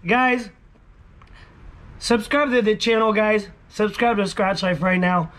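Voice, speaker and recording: High-voiced excitable scratch-off vlogger man. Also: takes it slowly, pauses often, faint music behind. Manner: excitable, shouts catchphrases. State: hoarse from shouting. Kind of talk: casual vlog, talking to viewers.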